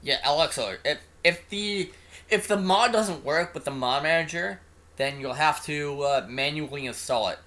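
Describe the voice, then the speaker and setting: A man's voice: a little high, moderate pace, pushed and bright. Rambling man playing through a visual novel. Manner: rambling, hesitant, trailing off. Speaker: gameplay commentator. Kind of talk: casual let's-play commentary.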